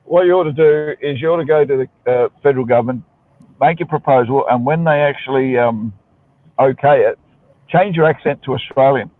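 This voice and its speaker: A man's voice: mid-range voice, a little fast. A man calling in from his car on the drive home, joking and teasing during a casual chat. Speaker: guest calling in. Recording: tinny dry phone line.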